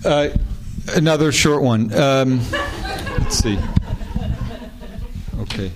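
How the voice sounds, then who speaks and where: A man's voice: mid-range voice, slow, noisy background. A man, an author on a panel, telling stories and reading letters aloud in a wry, amused way, often laughing and rambling with restarts.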